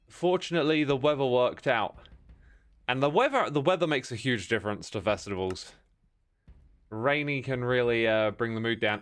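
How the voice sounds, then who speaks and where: A man with a hoarse voice chatting casually to his livestream chat while building in a game, rambling and greeting viewers by name. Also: mid-range voice, a bit bright. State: hoarse from festival screaming.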